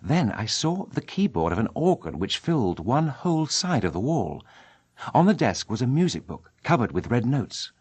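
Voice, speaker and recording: A man narrating an audiobook in a measured, dramatic reading style. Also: medium pitch, big pitch swings, darkish tone, husky, no echo. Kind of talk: scripted narration.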